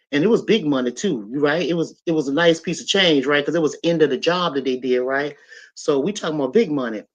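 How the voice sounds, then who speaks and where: Middle-aged woman, casual podcast host, emphatic storytelling, dull lo-fi sound. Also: on the low side. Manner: animated, emphatic storyteller, addresses listeners as y'all.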